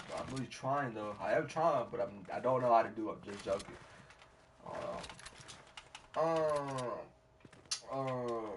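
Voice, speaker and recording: Rambling young man streamer, slangy. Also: medium pitch. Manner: rambling, slangy, laughs at himself, reenacts quotes loudly. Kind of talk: casual storytelling while gaming. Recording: distant mic with faint background noise.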